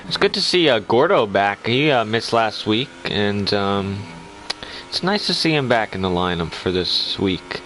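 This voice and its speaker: A man's voice: fairly low pitch, sing-song, a little slow, fairly bright tone, a little hiss or hum, poor audio. A man giving casual live commentary on an online sim race, chatty and teasing, laughing often.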